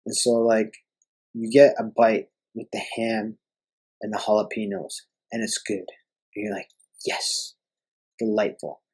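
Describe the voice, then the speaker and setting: A man's voice: fairly low pitch, sing-song, a little slow, creaky, a little mellow, breathy edge, rough recording. A young man hosting a podcast, ranting in an exasperated, profane way. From Canada. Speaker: podcast host.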